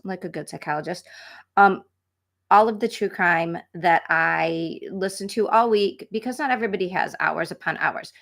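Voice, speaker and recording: A woman's voice: mid-range voice, fairly bright tone. A middle-aged woman hosting a true crime live stream from home, chatting casually and rambling with many fillers and restarts. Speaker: true crime channel host.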